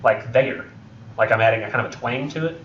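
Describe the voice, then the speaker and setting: A man's voice: mid-range voice, rapid-fire, fairly bright tone, slight background noise. Young male instructor, loose and joking, lots of ums, taped from across an echoey classroom. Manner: rambling, joking, many ums and self-corrections. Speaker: college English instructor. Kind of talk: classroom lecture. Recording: roomy, distant, dull lo-fi classroom recording.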